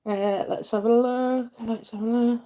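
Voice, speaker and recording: A woman's voice: on the high side, steady tone, a little slow, warm tone. Chatty Yorkshire woman reading out comments. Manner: chatty, many fillers, laughs, calls people darling and lovely. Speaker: psychic reading host. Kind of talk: live-stream chat reading viewer comments.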